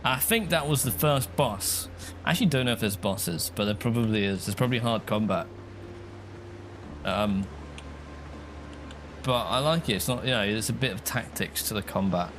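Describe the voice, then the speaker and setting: A man's voice: lowish voice, normal speed, long pauses, noisy background. A man chatting casually while he streams a game, rambling and answering viewers' comments. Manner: chatty, rambling, reads chat aloud.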